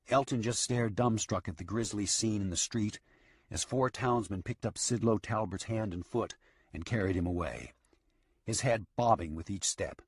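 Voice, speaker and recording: A man reading a western audiobook in a steady storytelling manner. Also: fairly low pitch, moderate pace, slightly rough, no room sound, studio quality. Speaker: audiobook narrator. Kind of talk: scripted western narration.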